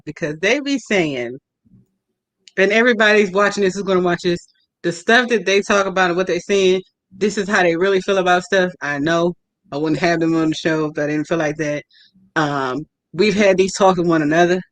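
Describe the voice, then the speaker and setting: A woman's voice: lowish voice, no echo. A woman hosting a casual chat show with friends, speaking with heartfelt emotion that sometimes turns tearful. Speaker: host.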